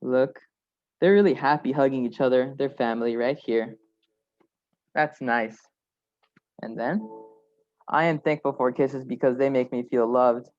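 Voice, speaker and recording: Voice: mid-range voice, fairly even intonation, a little slow, pauses often, darkish tone. Young reader on a muffled video call. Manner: simple, earnest sentences describing pictures. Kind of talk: show-and-tell reading.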